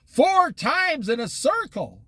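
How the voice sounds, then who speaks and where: With an extremely high pitch and a slow delivery, a male Bible teacher leads an informal study on the Oregon coast. The sound is echo-free, and he animatedly acts out small dialogues between people and God.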